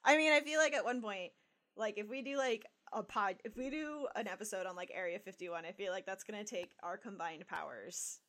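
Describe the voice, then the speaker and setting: A woman's voice: mid-range voice, brisk, a bit bright. A young woman co-hosting a podcast in casual chat, playful, laughing often and swearing freely. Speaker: podcast co-host.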